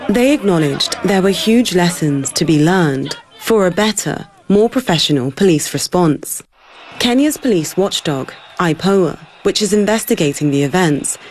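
A reporter voicing a scripted news report in a clear, deliberate way. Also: mid-range voice, a little hiss or hum.

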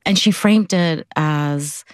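Brief: female author guest, low voice, reflective conversational answers, dry sound. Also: slow, no echo. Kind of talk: interview answers.

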